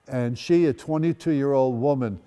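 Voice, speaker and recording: An elderly man in his eighties tells his own life story to a school audience, his voice warm and relaxed. He slips in wry, dry humor between plain recollections. Long reverb trails each phrase as it rings through a large hall. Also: medium pitch, moderate pace, clean tone. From Netherlands. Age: 80s. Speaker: guest speaker. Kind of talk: personal storytelling talk. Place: school event space.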